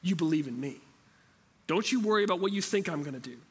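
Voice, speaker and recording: A preacher voicing a tender, gentle Jesus. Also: male voice, sits high, lively intonation, breathy edge. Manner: soft and slow.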